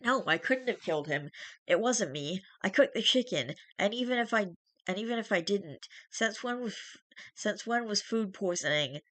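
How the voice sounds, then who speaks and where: A streamer reading a first-person horror story aloud in steady narration, with small restarts. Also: mid-range voice, moderate pace, dry recording.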